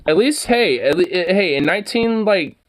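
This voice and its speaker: A man's voice: high-pitched, animated, moderate pace. A man casually commenting on an old newspaper, rambling with lots of fillers, laughing and swearing.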